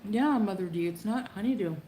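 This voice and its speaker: A woman's voice: medium pitch, fairly quick, mellow. A woman chatting casually on a livestream, laughing and greeting viewers by name. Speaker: livestreamer in a played clip. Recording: echoey room with faint background noise.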